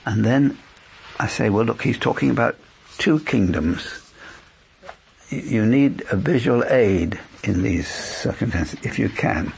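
Gravelly, husky-voiced lay preacher man. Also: fairly low pitch, lively intonation, measured pace, darkish tone. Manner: earnest, anecdotal, acts out both sides of conversations. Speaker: lay preacher teaching evangelism. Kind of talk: instructional church talk.

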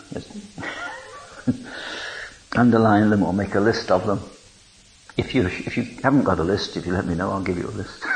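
A man preaching an informal sermon, reading scripture aloud in an animated, digressive way and chuckling between lines. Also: fairly low pitch, gravelly, rough recording.

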